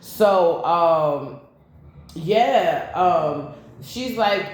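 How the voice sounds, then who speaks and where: A woman's voice: fairly low pitch, lively intonation, takes it slowly, a little mellow, a little hiss or hum. Blunt woman tarot reader, very echoey room. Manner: blunt, profane, rambling asides. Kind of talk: casual tarot reading to camera.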